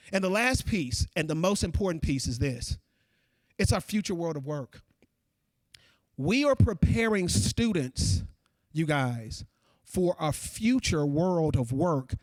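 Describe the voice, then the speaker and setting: On the high side, this man's voice carries a lively conference keynote in which he speaks straight to the audience and calls them "folks." The recording is dry.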